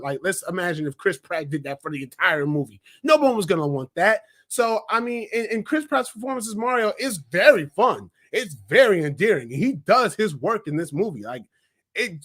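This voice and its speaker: A young man with a high voice talks through a film review in loose, unscripted chat. He rambles from point to point, stacking up "like"s and restarts, and gets audibly excited about what he liked. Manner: excited, rambling, filler-heavy, lots of "like". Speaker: movie reviewer. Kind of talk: casual spoken review.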